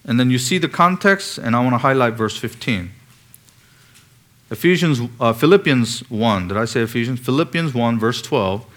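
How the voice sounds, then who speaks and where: A man's voice: mid-range voice, lively intonation, moderate pace, a bit bright. A man preaching an expository sermon, asking the congregation pointed rhetorical questions and pressing on key words.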